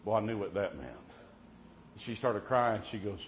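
A man preaching a sermon in a folksy storytelling way, dotting his talk with amen and swinging between loud and hushed. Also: fairly low pitch, moderate pace. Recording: muffled lo-fi with faint hiss.

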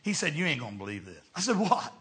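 A middle-aged man, preaching a storytelling sermon as a traveling evangelist, swinging between shouts and hushed tones. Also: a little high, very animated, quick pace.

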